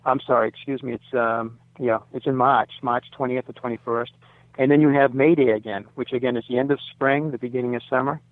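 A man's voice: mid-range voice, fairly even intonation, a little fast, no room sound. Older guy on a tinny phone line, rambles, lots of ums, dry sound. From United States. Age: 60s. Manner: rambling, self-correcting, many fillers. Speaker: site owner, interview guest. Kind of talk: radio interview.

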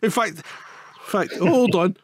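A man co-hosting a chat, tipsy and laughing through slow banter. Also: high-pitched, no echo, clean studio sound. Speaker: co-host.

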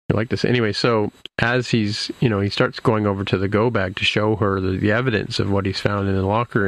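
A man's voice: lowish voice, gravelly, dry recording, rough recording. A man casually retelling a show's plot, rambling with lots of fillers and restarts. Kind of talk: casual episode recap.

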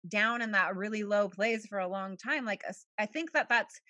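A young woman talks in a loose, chatty way, full of fillers and quick laughs. Her voice is bright and forward. The sound is dry and close, with no room around it. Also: medium pitch, no room sound. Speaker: podcast guest, journal creator. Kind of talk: casual podcast conversation.

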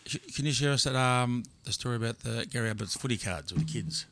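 A man's voice: mid-range voice, quick pace, fairly bright tone. A man co-hosting a podcast, chiming in with short casual reactions. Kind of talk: casual chat.

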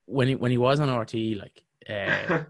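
A man's voice: mid-range voice, moderate pace, vocal fry, no room sound. Irish guy, young, podcast co-host, wry banter, mid voice, dead dry sound. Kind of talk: casual sports chat.

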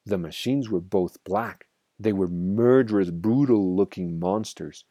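A man reading a children's storybook aloud in an expressive, dramatic way. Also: sits low, unhurried, dry recording, dull audio.

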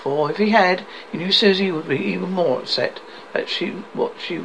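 A man's voice: high voice, normal speed, creaky, a bit bright, a little hiss or hum, poor audio. A man reading an extract from his own book aloud, telling the story steadily with occasional slips. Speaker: author and narrator.

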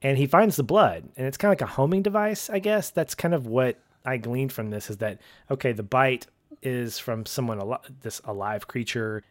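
This podcast co-host has a lowish voice, recorded without echo. He recaps a TV episode in casual chat, animatedly performing the characters' lines.

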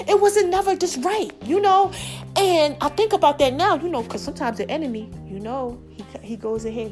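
Female podcast host, high-pitched, animated testimony style, speaks straight to listeners. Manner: expressive, preachy, talks straight to listeners. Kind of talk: casual testimony monologue.

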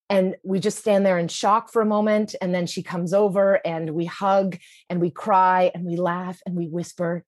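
A woman's voice: on the low side, darkish tone, no echo, clean studio sound. A woman telling a personal story in a vivid, comic, present-tense way. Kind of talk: personal story told to an audience.

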